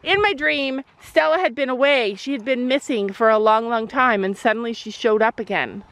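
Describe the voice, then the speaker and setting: A middle-aged mother makes a casual vlog while standing outside by a horse near a road, rambling on with lots of fillers. Her slightly bright voice sits on the high side at a moderate pace, and the recording is rough.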